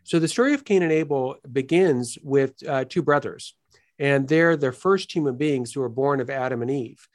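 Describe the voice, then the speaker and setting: A man as an interview guest, explaining philosophical ideas in an earnest, lively teaching manner and often checking in with "right?". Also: mid-range voice, moderate pace.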